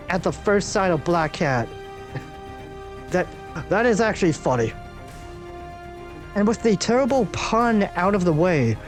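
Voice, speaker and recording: High-voiced gaming YouTuber reading comics. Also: male voice. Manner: amused, casual asides. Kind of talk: reading a comic aloud with commentary.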